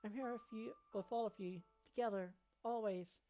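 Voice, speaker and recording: A woman voicing a dying young girl, with a high, tearful, begging manner. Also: steady tone, moderate pace, mellow, natural voice. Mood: tender. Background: faint game music.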